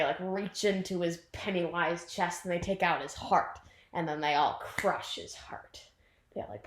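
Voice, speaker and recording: A young woman in casual chat, retelling a film's plot in a rambling, animated way, full of "like" and acted-out quotes. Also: on the low side, a little hiss or hum. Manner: rambling, animated, heavy use of "like", acts out quotes. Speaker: vlogger retelling a film plot. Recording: echoey room.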